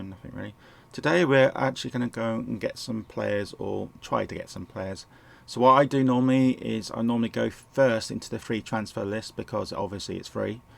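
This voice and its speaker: A man with a sore throat and a croaky voice, rambling and correcting himself as he casually talks through a management game at home. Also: fairly low pitch. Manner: rambling, self-correcting, chuckles often. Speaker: gameplay commentator. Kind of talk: casual game walkthrough commentary. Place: home, indoors.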